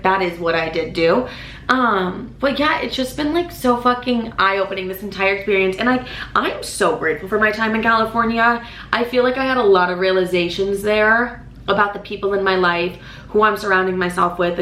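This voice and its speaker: A young woman telling a story on her vlog in a casual, animated way, swearing often and filling her talk with "like". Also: medium pitch. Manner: animated, swears a lot, many "like" fillers. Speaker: vlogger. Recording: roomy echo, faint background noise.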